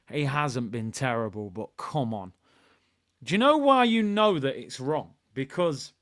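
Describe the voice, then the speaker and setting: A man hosting a live football watchalong, chatting with his viewers and shouting at good news. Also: on the high side, clean tone, no echo, clean studio sound. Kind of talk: live fan stream chat.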